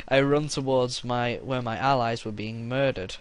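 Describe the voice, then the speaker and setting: A young man commenting crudely on his own gameplay and shouting battle cries. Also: mid-range voice, slow, clear, resonant tone.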